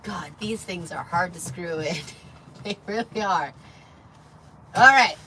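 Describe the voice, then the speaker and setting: A giggly, excitable woman chats on a livestream from inside a parked vehicle, tipsy and swearing freely, with a slightly worn, lost voice. Her voice sits a bit low but has a bright, forceful edge. A faint hum of noise runs underneath. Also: slow, rough recording. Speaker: livestream host. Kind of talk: tipsy casual livestream chat.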